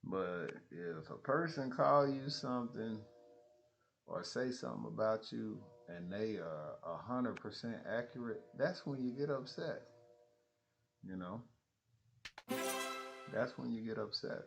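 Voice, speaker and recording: A man's voice: fairly low pitch, measured pace, gravelly, long pauses, soft background music. A man talking bluntly in a casual monologue, full of profanity and frequent laughter. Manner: animated storytelling. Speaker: streamer.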